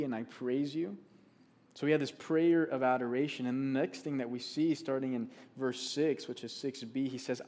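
A man's voice: mid-range voice, a little mellow. A man preaching a sermon, speaking earnestly, repeating key phrases for emphasis and reading scripture aloud.

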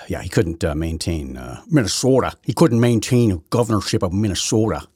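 Husky, combative male podcast host. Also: low-pitched, expressive, fairly quick, a little mellow, dry recording, studio quality. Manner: rambling, self-correcting, combative. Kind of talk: solo political commentary.

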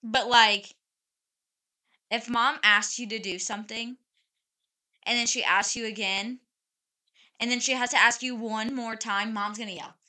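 A woman's voice: a little high, steady tone, unhurried, long pauses, bright, forceful tone. A woman in her thirties co-hosting a casual podcast, talking bluntly and frankly. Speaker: podcast co-host, mother. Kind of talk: casual chat.

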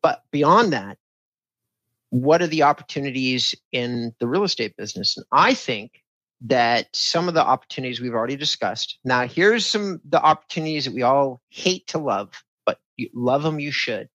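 Man, podcast host, emphatic sales delivery, mid pitch, dry recording. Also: lively intonation, moderate pace, fairly bright tone, no room sound, low-quality recording. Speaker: real estate podcast host. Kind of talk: casual podcast talk.

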